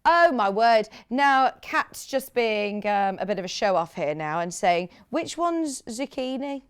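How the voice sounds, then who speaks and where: A woman's voice: mid-range voice, measured pace, clean tone. A woman from the UK presenting sewing products on a live TV shopping channel, chatting with enthusiasm and gushing over fabrics. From United Kingdom. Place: TV studio.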